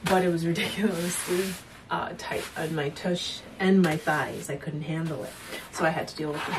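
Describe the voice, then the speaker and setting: A woman's voice: low-pitched, fairly even intonation, moderate pace, distant mic, noisy background. A woman chatting casually in a home vlog, rambling and laughing often as she shows off her purchases. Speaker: fitness vlogger showing purchases. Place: at home, indoors.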